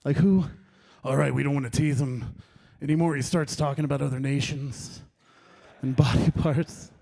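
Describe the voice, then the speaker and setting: A man's voice: medium pitch, fairly even intonation, normal speed, gravelly, mellow. A man in his late thirties doing a rambling, self-deprecating stand-up set at an open mic, chatting with the crowd between stories. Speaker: stand-up comedian. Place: comedy open mic in a venue.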